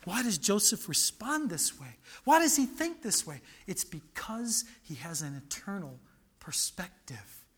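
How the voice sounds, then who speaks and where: Man preaching a sermon, high voice, very lively pitch, slow deliberate delivery, dramatic outbursts. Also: breathy edge. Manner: animated preaching with sudden loud outbursts and asides to the congregation.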